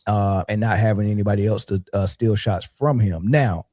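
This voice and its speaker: A man with a warm, mellow voice talks in a loose, filler-heavy way. The sound is dry and close, with no room echo. He speaks as a podcast co-host in casual chat. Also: on the low side, moderate pace.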